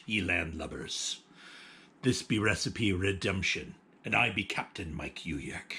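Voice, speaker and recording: A jolly, theatrical pirate captain, put on by a man rolls out his words in an overdone growling pirate brogue, swinging from high flourishes to low grumbles. The voice sits fairly low and sounds a touch unlike his everyday tone. It is a comic, hammy intro rather than a serious portrayal. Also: gravelly, a bit bright, exaggerated voice. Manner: exaggerated mock pirate talk with growled "arr"s.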